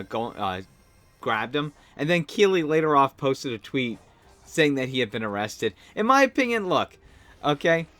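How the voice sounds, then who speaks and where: Male podcast host, slightly high voice, excitable and laughing, just getting over a cold. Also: no echo. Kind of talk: casual solo podcast commentary.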